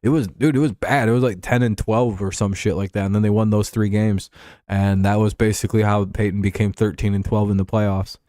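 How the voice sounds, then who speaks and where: A man's voice: on the low side, steady tone, a little fast, mellow, dry recording. Man, casual livestream sports talk, rambling, profane, chuckling, dry close sound. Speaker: streamer.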